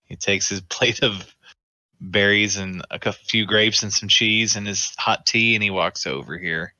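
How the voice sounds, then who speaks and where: A man playing a tabletop game in a relaxed, polite manner. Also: lowish voice, unhurried, dry recording. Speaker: player.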